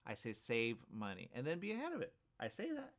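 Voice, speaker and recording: A man's voice: medium pitch, wildly swooping pitch, brisk. A man hosting a morning radio show, talking in a rambling, repetitive monologue full of restarts and tag questions. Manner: repetitive, hesitant, keeps asking "okay?".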